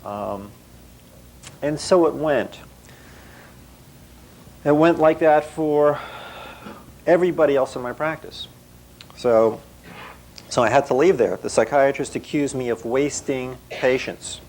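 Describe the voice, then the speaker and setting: A man's voice: medium pitch, slow, pauses often, a little mellow, a little hiss or hum, low-quality recording. A male psychotherapist recounting a clinical case as a story and acting out the dialogue.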